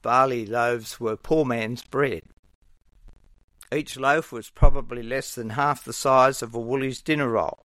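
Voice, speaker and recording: A man preaching a sermon in a measured, earnest way, now and then acting out the voices of the people in his story. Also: mid-range voice, fairly even intonation, fairly bright tone, no echo.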